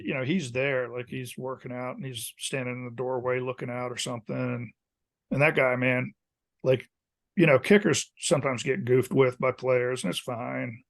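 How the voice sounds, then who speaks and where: A man's voice: mid-range voice, moderate pace. A man in his fifties, a former college kicker, telling casual stories as a podcast guest and acting out the coaches he quotes. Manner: animated storyteller who acts out quoted coaches. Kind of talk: casual storytelling interview.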